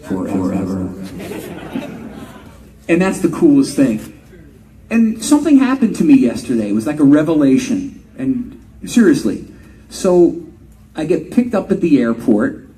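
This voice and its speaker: A man's voice: mid-range voice, big pitch swings, moderate pace, long pauses, dark tone, distant mic, rough recording. A middle-aged male singer telling stories to fans at a convention panel, joking, laughing and swearing casually. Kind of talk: live fan Q&A storytelling.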